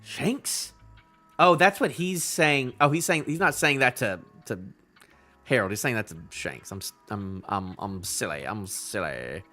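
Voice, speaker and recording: Lively young man rambling on a live stream. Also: fairly low pitch, unhurried, faint music behind. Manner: animated, rambling asides with restarts. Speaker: host reacting to a new comic chapter. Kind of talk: casual live reaction.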